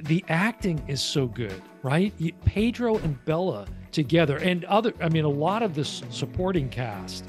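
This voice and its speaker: A man's voice: fairly high pitch, sing-song, moderate pace, few pauses, faint music behind. A man co-hosting a casual review chat, speaking loosely with lots of "you know" fillers. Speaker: podcast co-host reviewing a TV series.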